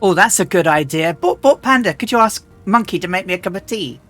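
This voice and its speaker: A woman streamer chatting casually and rambling as she flies a simulator, often restarting and clearing her throat. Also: on the low side, fast, a bit bright, soft background music. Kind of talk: casual live-stream chat while flying a flight simulator.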